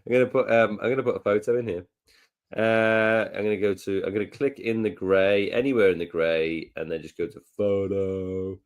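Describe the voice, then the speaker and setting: A man's voice: on the low side, steady tone, normal speed, clear, resonant tone. A man co-hosting a live tutorial, talking through clicks in a chatty, rambling way with wry asides. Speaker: co-host tutor.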